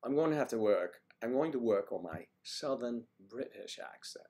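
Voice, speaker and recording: A man's voice: mid-range voice, animated, moderate pace, mellow. An older man from the US East Coast hosting a casual livestream, chatting loosely and greeting viewers by name as he reads their comments. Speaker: livestream host.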